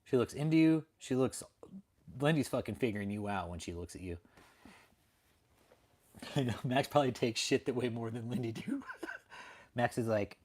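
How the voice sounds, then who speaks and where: A man's voice: mid-range voice, moderate pace, pauses often, darkish tone. Laid-back man chatting on a livestream. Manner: laid-back, profane, laughing a lot. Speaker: livestream host. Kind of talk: casual chat.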